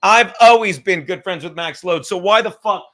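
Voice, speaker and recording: A man hosting a live stream, rambling loudly and profanely from topic to topic in casual chat. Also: high-pitched, moderate pace. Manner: loud, rambling, profane, jumps between topics.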